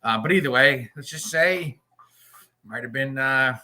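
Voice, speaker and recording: A man's voice: mid-range voice, a little slow, sharp tone. A man co-hosting a podcast in casual chat, telling crude, joking stories. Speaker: podcast co-host.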